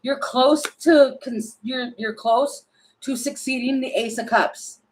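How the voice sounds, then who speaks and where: A woman's voice: high voice, steady tone, takes it slowly, low-quality recording. A woman doing a casual tarot reading, chatty and thinking aloud, often laughing and breaking off. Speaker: tarot reader.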